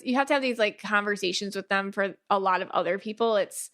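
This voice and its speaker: A woman hosting a podcast, talking in a chatty, animated way with lots of fillers and playful quoted asides. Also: mid-range voice, fast. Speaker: podcast host. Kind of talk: casual podcast monologue.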